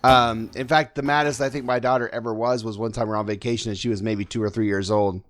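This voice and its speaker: A man's voice: mid-range voice, steady tone, quick pace. A man hosting a fan podcast, talking in an upbeat, teasing way. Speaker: podcast host. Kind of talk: casual podcast chat.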